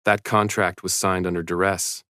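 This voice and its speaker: A manipulative drunk father who slurs and insists on his rights, voiced by a man. The voice sits deep and low, clear and dry. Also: flat delivery, moderate pace, sharp tone, no echo. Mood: insistent. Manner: slurred, pleading, insistent.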